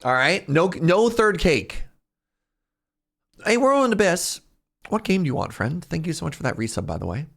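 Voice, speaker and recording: Gravelly, lively male streamer. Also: on the high side, moderate pace, long pauses. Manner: jokey, chatty, reads chat aloud and laughs often. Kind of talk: casual live-stream chat.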